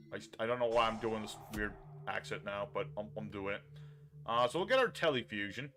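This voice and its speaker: A man's voice: on the low side, lively intonation, fairly quick, fairly bright tone, faint music behind. Chatty man streaming a card game. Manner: chatty, thinks aloud and talks to chat. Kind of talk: casual live-stream commentary while playing a card game.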